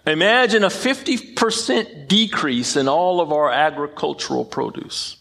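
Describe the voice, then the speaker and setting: A man's voice: on the high side, animated, normal speed, creaky, fairly bright tone. A man preaching a sermon in an emphatic way, often repeating phrases and tripping over his words. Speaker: pastor.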